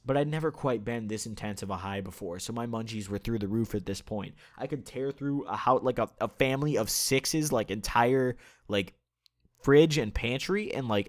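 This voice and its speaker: A young man telling a casual storytime straight to his viewers. He rambles, stacks up fillers and swears freely. His voice jumps from loud bursts to low mutters. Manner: profane, rambling with many fillers; animated, with swings in loudness. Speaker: vlogger.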